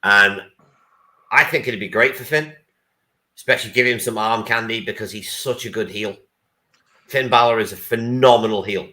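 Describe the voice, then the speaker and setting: A man's voice: lowish voice, normal speed, long pauses, bright, forceful tone. A man co-hosting a wrestling podcast, chatting casually and with enthusiasm, swearing now and then. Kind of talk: casual chat.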